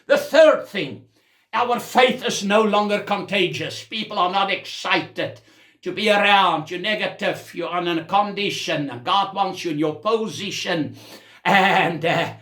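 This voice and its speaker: A man's voice: sits high, fairly bright tone, reverberant. A man preaching a sermon as senior pastor, with a South African accent, exclaiming as he goes.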